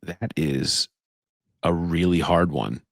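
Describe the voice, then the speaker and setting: A man with a Midwestern American accent co-hosting a casual sports podcast, animated and joking as he shouts out listeners. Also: sits low, slow pace, dry recording, clean studio sound. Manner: animated, joking, reads listener submissions aloud. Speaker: podcast co-host.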